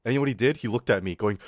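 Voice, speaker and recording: A man's voice: medium pitch, no room sound, clean studio sound. A young man streaming, telling a school story in a rambling, profane way and acting out the people he quotes. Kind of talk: casual storytelling rant.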